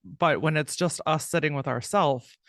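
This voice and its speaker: A woman's voice: deep voice, normal speed, fairly bright tone, dry recording, studio quality. A woman hosting a podcast, asking questions in a casual, encouraging way. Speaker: podcast host.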